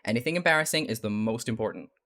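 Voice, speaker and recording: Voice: medium pitch, fast. Gabriel, a stern archangel boss with a loose Californian accent, as a streamer puts him on. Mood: commanding. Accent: loose Californian American. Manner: clipped, commanding, flat. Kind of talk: fanfiction read aloud on stream.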